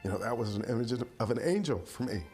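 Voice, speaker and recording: Male survivor interviewee; quiet, earnest, plain-spoken; faint music bed. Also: medium pitch, lively intonation, quick pace. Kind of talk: documentary interview recollection.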